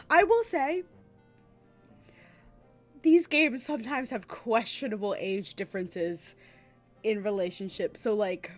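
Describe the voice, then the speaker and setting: A woman's voice: mid-range voice, expressive, moderate pace, long pauses, faint music behind. A woman streamer casually chatting and giggling while playing through a game, thinking aloud as she goes.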